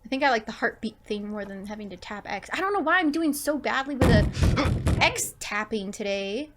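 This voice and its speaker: A woman's voice: a little high, animated, normal speed. A woman gaming streamer chatting and joking casually while playing. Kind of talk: casual let's-play commentary.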